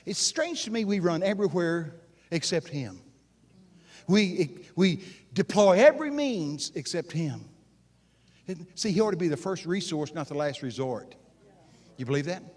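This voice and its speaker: A man preaching at a conference, folksy and animated, swinging from hushed asides to loud exclamations and asking the audience questions. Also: on the high side, unhurried, pauses often. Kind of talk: conference sermon. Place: live conference session before an audience.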